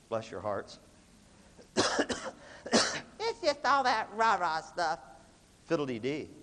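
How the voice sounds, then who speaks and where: A man giving an animated live motivational talk to students, often coughing and acting out voices. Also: medium pitch. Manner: animated, acts out quoted voices, coughs between phrases. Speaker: motivational leadership speaker. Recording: reverberant hall recording, faint background noise.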